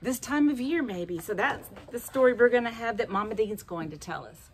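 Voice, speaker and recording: A woman telling a story to children in an animated way, often asking the listeners questions. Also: on the high side, moderate pace. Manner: lively, animated storytelling with asked questions to kids.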